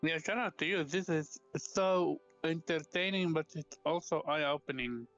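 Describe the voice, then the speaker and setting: A man calling in to a podcast on his phone, speaking in a hesitant, halting way. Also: on the high side, fairly bright tone, faint music behind. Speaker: call-in guest. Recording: dull phone audio.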